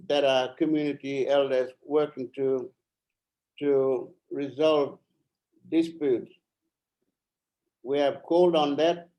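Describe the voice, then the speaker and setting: Speaking at an online forum, this middle-aged member of parliament from Arnhem Land, Australia, comes across as earnest and halting, repeating himself and slightly breathless. His voice is mid-range, and the sound is lo-fi.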